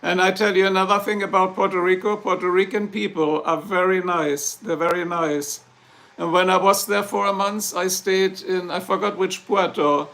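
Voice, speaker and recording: Here a German-accented man from Germany runs a casual livestream, rambling and cracking jokes as he replies to viewer comments. His pitch is high, his intonation fairly even, and his tone a bit bright, at a normal speed.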